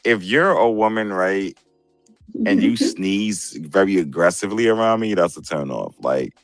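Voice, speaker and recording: An opinionated man hosting a loose group chat over a video call. His voice sits low, and the sound is dry and close, with faint music underneath. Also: lively intonation, moderate pace, no echo. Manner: opinionated, repeats "bro" and "right". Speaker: show host.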